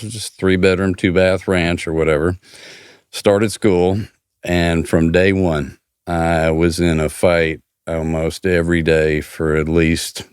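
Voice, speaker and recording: Older male podcast guest, deep smooth voice, dry close sound, easy storyteller. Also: dry recording. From New York. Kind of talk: casual podcast chat.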